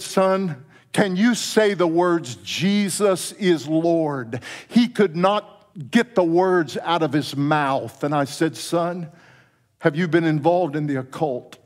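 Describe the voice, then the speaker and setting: A middle-aged man preaches to his congregation, telling a story and dropping to soft, hushed tones for quoted words before climbing into fervent, higher passages. His voice sits a bit high for a man. The sound carries the long reverb of a church sanctuary. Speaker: pastor. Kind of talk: sermon.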